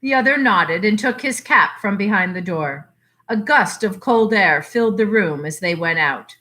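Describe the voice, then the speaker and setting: A woman from a library reading a short story aloud with measured, expressive narration. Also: medium pitch.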